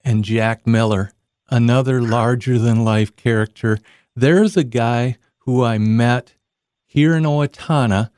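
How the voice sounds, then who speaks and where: A man's voice: medium pitch, steady tone, measured pace, darkish tone, no echo, studio quality. A male interviewer from Minnesota, recalling a racetrack announcer he met as a kid.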